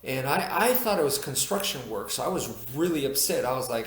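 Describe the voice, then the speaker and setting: A man's voice: medium pitch, animated, a little fast, hardly any pauses. A man tells an old personal story in a loose, rambling way, full of fillers, restarts and self-mocking asides. His voice bounces around a noticeably echoey room. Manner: rambling, many fillers and restarts, laughs at himself. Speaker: YouTuber telling a personal story. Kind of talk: casual storytelling to camera.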